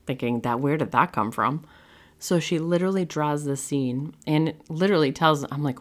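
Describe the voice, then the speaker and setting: A middle-aged woman from the US talks through personal stories as a podcast host, chatty and animated with plenty of fillers. Her voice sits unusually low. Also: normal speed. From United States. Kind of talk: casual monologue.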